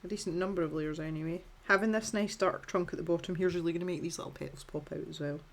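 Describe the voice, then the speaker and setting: Her voice is fairly low and quick, with fairly even intonation. She's a Scottish woman in her thirties casually narrating a colouring tutorial, chatty and self-deprecating, often restarting and dropping in filler words.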